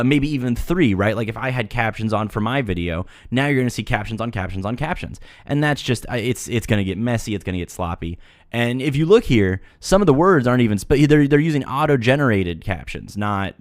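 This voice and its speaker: A man's voice: fairly low pitch, no echo, clean studio sound. A man giving mock-serious commentary on a video, lecturing earnestly with playful asides. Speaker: video reviewer.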